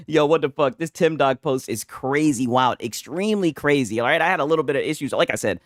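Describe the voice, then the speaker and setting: A man's voice: medium pitch, animated, brisk, dry recording, studio quality. A man casually chatting with his viewers and reading chat on a livestream, laid-back, swearing a lot and laughing often. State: tipsy from a couple of beers.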